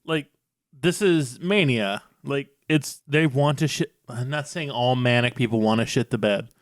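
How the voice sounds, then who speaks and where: A man's voice: medium pitch, moderate pace, no echo, clean studio sound. A man co-hosting a podcast, tipsy, rowdy and laughing a lot. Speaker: podcast co-host. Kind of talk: casual podcast chat.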